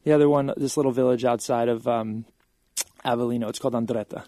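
A man in his thirties, a guest actor chatting casually in an interview, telling animated stories and laughing often. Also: medium pitch, fast talker, no room sound. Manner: animated storyteller, laughs often, acts out quotes.

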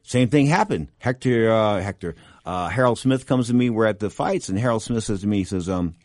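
A middle-aged man with a lowish voice, hosting a boxing talk show. He tells anecdotes in a rambling, restart-filled way, and his pitch leaps up when he stresses a point. The sound is close and dry, with no room in it. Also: brisk, no echo. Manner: rambling, with frequent restarts and asides; animated, jumping up in pitch for emphasis. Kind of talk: casual anecdotal storytelling.

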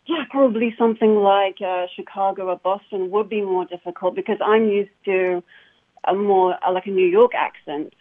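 A woman who works as an actor talks about her job in a casual interview over a phone line. She's enthusiastic, full of fillers and restarts, with a mid-range voice, a steady tone, and a normal speaking pace.

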